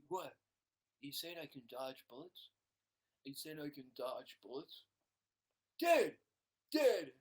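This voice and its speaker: A man putting on the voice of a loud, dim-witted stoner who shouts and drawls "dude" and "man". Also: high-pitched, pitched above the performer's own voice.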